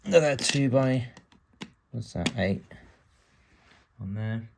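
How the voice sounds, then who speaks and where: A man's voice: mid-range voice, slow pace, creaky, background noise. A British man from the UK giving casual build-along narration as a vlogger, chatty and full of wry asides while he works. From United Kingdom.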